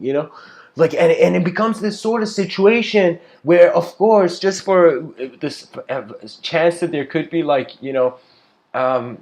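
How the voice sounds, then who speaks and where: A man's voice: a little high, unhurried, vocal fry, a little mellow. Male speaker, easygoing lecture delivery, loose and rambling. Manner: rambling, laid-back, says "you know" constantly, laughs often. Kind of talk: casual spoken lecture.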